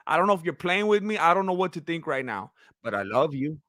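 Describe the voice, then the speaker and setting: A young man hosting a casual livestream, reading viewer comments and thanking fans, excitable and laughing often, his voice going hoarse from talking so much. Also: fairly high pitch, quick pace, no echo, studio quality. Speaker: livestream host.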